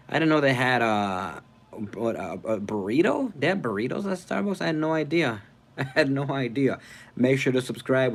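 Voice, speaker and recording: Guy hosting a live stream, rambly, reads the chat, keeps plugging subscribe. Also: medium pitch. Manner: rambling, thinks aloud, plugs subscribing. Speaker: livestream host. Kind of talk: casual live-stream chat reading comments.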